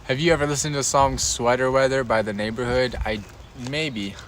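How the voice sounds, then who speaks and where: A man's voice: mid-range voice, fairly even intonation, a little fast, a little hiss or hum, rough recording. A young man hosting a casual chat stream, telling a story with frequent laughter and lots of dude and bro. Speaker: livestream host.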